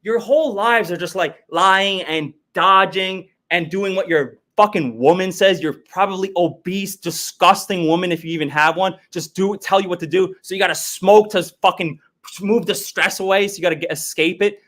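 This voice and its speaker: A man's voice: high-pitched, normal speed, hardly any pauses, a bit bright. Heated, profane man demanding answers. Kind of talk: confrontational livestream argument.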